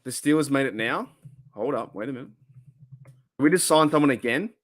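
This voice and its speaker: A man with an Australian accent hosting a casual live stream, rambling and excitable as he reacts to chat. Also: mid-range voice, a little fast, no echo, clean studio sound. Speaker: livestream host.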